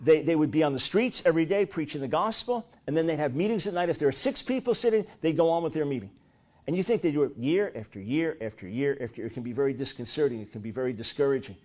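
Middle-aged male preacher, high voice, lively storyteller, punches up quoted lines. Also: fast talker. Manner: animated storytelling, rising to loud high-pitched bursts when acting out quotes. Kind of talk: sermon.

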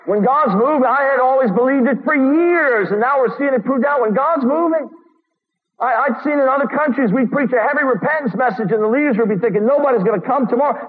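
Over a thin, phone-like radio broadcast with long hall reverb, a man whose voice is very high preaches with earnest urgency. He moves a little fast, reads quotes aloud, and tosses in sarcastic asides.

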